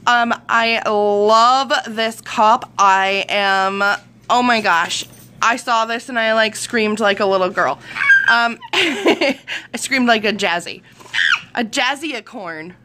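A woman's voice: mid-range voice, lively intonation, slow, noisy background. A woman from Wisconsin in her thirties, chatting in a giggly, gushing way as she shows off mail in a vlog. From Wisconsin, United States. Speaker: vlogger showing mail. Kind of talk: casual show-and-tell vlog.

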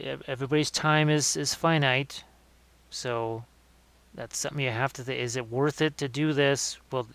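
A man with a smooth, resonant voice talks viewers through a miniature painting session on a live stream. He sounds relaxed and thinks aloud as he works, restarting and correcting his phrasing as he goes. His pitch sits in an ordinary middle range. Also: no room sound.

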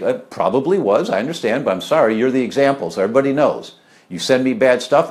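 Lively, rambling middle-aged man. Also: fairly low pitch, brisk. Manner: rambling, chatty, frequent fillers and asides. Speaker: health speaker answering viewer questions. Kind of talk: casual live talk.

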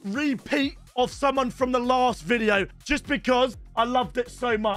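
A young man hosting a gaming video, talking in a very high, bright register. He chats and banters excitably with his viewers, and faint music plays under his voice. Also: unhurried, few pauses. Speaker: video game channel host. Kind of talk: casual gaming commentary.

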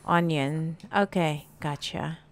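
A woman's voice: low voice, slow. A woman giving casual gameplay commentary, chatting to her game characters with plenty of fillers. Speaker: gameplay streamer.

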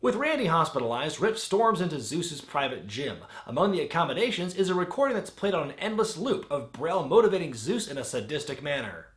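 A man giving a sarcastic, comedic movie review with sudden shouted outbursts. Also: fairly high pitch, very animated, fairly quick, hardly any pauses, roomy sound. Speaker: wrestling film reviewer.

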